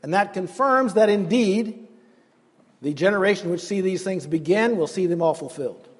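A man's voice: high-pitched, lively intonation, moderate pace, husky, long reverb tail. A man preaching a sermon in an earnest, emphatic way, acting out the quotes he gives.

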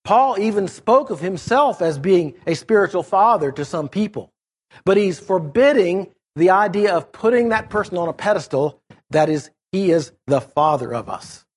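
A middle-aged man preaching in a measured, explanatory way, leaning on key words as he teaches through a Bible passage. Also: sits high, lively intonation, breathy edge.

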